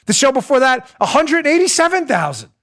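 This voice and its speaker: Indignant high-voiced man ranting. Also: very animated, a little fast, a bit bright. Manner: indignant, sarcastic, emphatic with repeated rhetorical questions. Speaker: host. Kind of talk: political talk show monologue.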